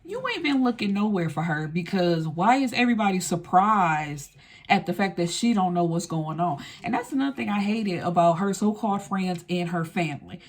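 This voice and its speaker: A woman's voice: fairly low pitch, expressive, normal speed. A woman recapping a film in a casual, blunt and slangy way, swearing freely as she retells the story. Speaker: film reviewer.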